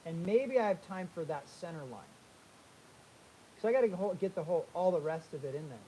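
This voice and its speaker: A man demonstrates figure drawing and talks his way through each line as he sketches. He is energetic and repeats his points while he works, and a faint hiss runs under the recording. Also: high voice, brisk, low-quality recording. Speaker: art instructor.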